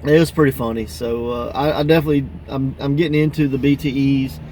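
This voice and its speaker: A man hosting a casual wrestling podcast, laughing often and acting out quoted wrestlers in higher voices. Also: fairly even intonation, fast talker, a little mellow, a little hiss or hum. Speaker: podcast host.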